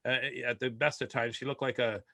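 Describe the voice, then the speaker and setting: Bright-voiced man rambling through a comic story. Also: medium pitch, steady tone, fairly quick, no room sound. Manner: rambling, stammering restarts, laughs at own jokes. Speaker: comedian. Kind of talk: storytelling stand-up over video call. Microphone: video call.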